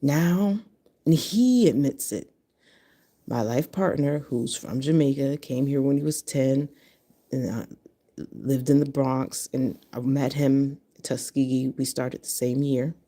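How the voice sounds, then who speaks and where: This vlogger is a woman in her fifties from Connecticut with a very deep, dark-toned voice. She speaks unhurriedly, bluntly and profanely in a casual monologue to the camera.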